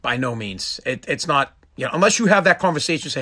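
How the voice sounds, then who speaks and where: A man hosts his own podcast from home, ranting in a loose, profane monologue. His voice is bright and forward, sitting a little higher than most men's. He sounds exasperated. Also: lively intonation, fast. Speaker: podcast host. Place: home, streaming live.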